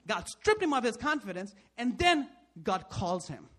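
Husky, lively-voiced male preacher. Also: high-pitched, moderate pace. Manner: rhetorical questions, frequent "right?", emphatic swings in loudness. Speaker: pastor. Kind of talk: sermon.

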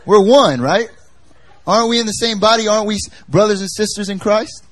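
A man's voice: high voice, a little fast, no echo. A male pastor giving a conversational sermon in a chatty, emphatic manner, repeating his key phrases for effect. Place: church service.

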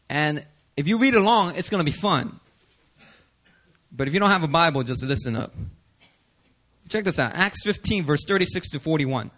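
A male pastor preaching a sermon, animated and casual, slipping into slang and acting out the characters in the passages. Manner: animated, acts out scripture voices with big pitch swings.

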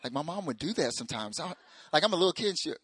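Bright, lively young male preacher. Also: racing, slightly rough, no echo. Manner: animated, jokey, acts out quotes in high voices. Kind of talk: sermon storytelling.

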